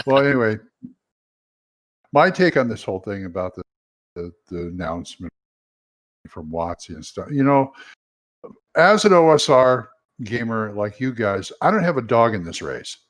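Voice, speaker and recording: A man's voice: on the low side, very animated, moderate pace, pauses often. Chatty man telling stories. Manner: chatty, anecdotal, trailing off. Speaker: podcast guest. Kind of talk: casual podcast chat.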